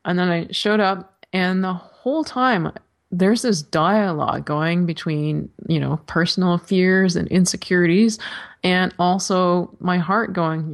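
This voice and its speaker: A woman's voice: fairly low pitch, measured pace. A woman guest in an interview, telling her story casually and acting out her own inner voices with animation. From California. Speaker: author guest.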